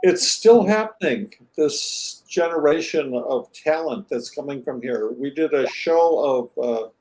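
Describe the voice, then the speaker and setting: An easygoing interview host with a mid-pitched voice who keeps things moving. Mostly short nods of agreement and gentle questions, with the occasional longer wrap-up of the show. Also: animated, unhurried, poor audio. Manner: easygoing, brief affirmations and prompts. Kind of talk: casual interview.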